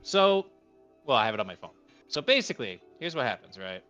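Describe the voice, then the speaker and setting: A man's voice: mid-range voice, big pitch swings, brisk, bright, forceful tone, dull audio, faint music behind. A man chatting casually on a voice call, giving wry, rambling explanations. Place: online voice call.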